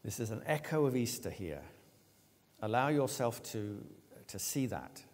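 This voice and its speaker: A man preaching a sermon, retelling a story with lively, acted-out voices for the characters. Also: mid-range voice, measured pace. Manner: animated storytelling, acting out quoted lines. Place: church. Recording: long church reverb.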